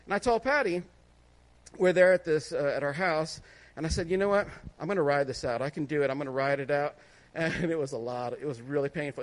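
A man with a notably high speaking voice delivers a testimony sermon. He talks casually and warmly, laughing now and then and asking listeners "right?" to keep them with him. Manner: conversational, laughs often, asks listeners "right?". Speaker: preacher sharing a testimony.

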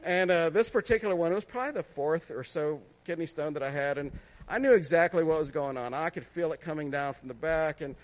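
High-voiced man sharing a conversational testimony. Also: a little fast. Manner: conversational, laughs often, asks listeners "right?". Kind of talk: testimony sermon.

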